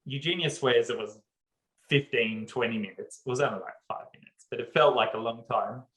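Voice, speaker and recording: Man, 30s, podcast co-host, animated storytelling, laughs a lot, mid pitch. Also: normal speed, reverberant, poor audio. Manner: animated storyteller, laughs often, acts out what others said. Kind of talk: casual storytelling chat.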